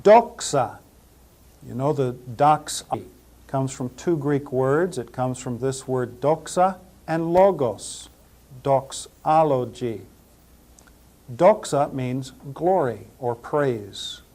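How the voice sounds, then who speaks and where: Very slow, deliberate man teaching Greek. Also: mid-range voice, darkish tone. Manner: slow and deliberate, repeating each word and spelling it out. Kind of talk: slow pronunciation lesson.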